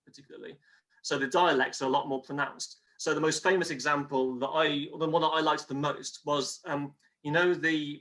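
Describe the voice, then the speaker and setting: A man's voice: fairly high pitch, sharp tone. A man explaining history as an interview guest, patiently, with examples.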